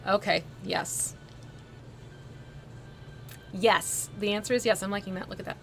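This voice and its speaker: A woman hosting a casual painting livestream, thinking aloud as she works and answering her chat with bursts of excitement. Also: lowish voice, unhurried, vocal fry, long pauses, faint music behind. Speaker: livestream host painting a miniature. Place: home art desk near an air conditioner.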